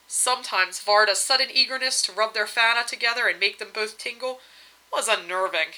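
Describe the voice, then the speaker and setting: Bright woman reading a story aloud. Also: on the high side, fairly quick, rough recording. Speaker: reader. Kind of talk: storybook narration.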